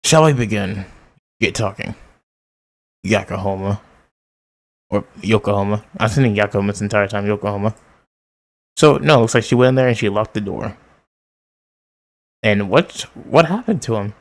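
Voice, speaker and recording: A man casually reading a manga aloud, reading out the character lines, commenting and laughing as he goes. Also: fairly low pitch. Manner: reads character lines in quick voices and laughs often; excited outbursts. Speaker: manga reader. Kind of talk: casual read-along with commentary.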